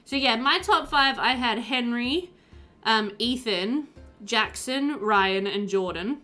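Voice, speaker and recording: Giggly chatty woman streamer, lively pitch. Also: takes it slowly, soft background music. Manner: giggly, chatty, reads chat aloud. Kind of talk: casual chat with live chat.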